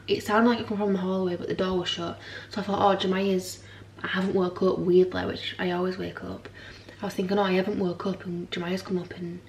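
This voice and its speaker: Tired young mum rambling, roomy sound. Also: female voice, fairly low pitch, a little mellow, recorded from a distance, slight background noise. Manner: rambling, frank, swears. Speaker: vlogger. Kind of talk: casual chat to camera. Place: home.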